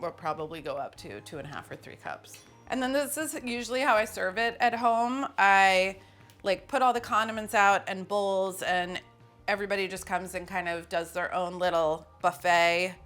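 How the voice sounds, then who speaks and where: A cooking-show host, this woman speaks in a mid-range voice with a touch of brightness. Cooking away in the kitchen, she's chatty and self-deprecating, with frequent laughter.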